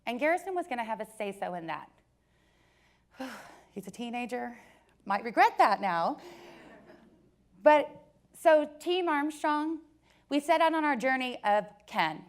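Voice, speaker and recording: A woman in her forties giving a personal storytelling talk to an audience, joking at times and turning soft and earnest at others. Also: fairly high pitch, sing-song, normal speed, long pauses. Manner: warm joking storyteller, switches between laughs and soft earnest passages. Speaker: company speaker.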